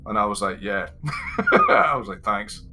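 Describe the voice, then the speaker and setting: A man with a Scottish accent, a guest on a livestream chat, telling animated stories and acting out the voices of people he quotes. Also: fairly low pitch, moderate pace, soft background music. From Scotland.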